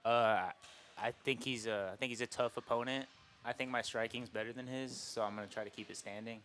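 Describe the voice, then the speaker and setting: A man's voice: mid-range voice, steady tone, brisk, fairly bright tone, a little hiss or hum. A man, a fighter, giving a plain-spoken press conference answer about his fight plan.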